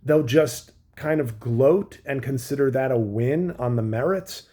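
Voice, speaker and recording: A man's voice: mid-range voice, a little slow, mellow, husky. Sarcastic man ranting about politics. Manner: sarcastic, mocking asides and riffs. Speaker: comedian. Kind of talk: political commentary rant.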